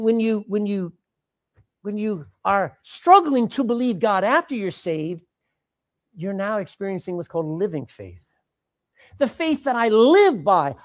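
Woman, preacher, sermon, lively pitch, repeats phrases for emphasis, loud-to-hushed swings. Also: no echo, studio quality. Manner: animated, dramatic swings between loud and hushed.

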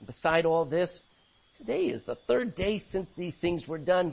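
A man preaching a sermon, animated, acting out voices from the scripture he reads. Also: high-pitched, measured pace, vocal fry. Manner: animated, acts out biblical voices. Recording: dull lo-fi recording.

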